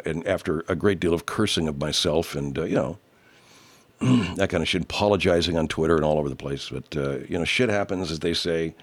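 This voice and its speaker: A man hosting his own online show, chatting casually and rambling, swearing freely and mocking himself. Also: low voice. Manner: many fillers and restarts, drifts off topic. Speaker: host of an online radio show.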